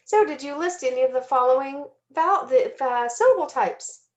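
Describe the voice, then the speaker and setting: A woman giving a recorded teaching lesson, speaking slowly and deliberately and sounding out letters and syllables, sometimes correcting herself. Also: high-pitched, lively intonation, dull audio. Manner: self-corrects with "excuse me". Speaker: teacher trainer.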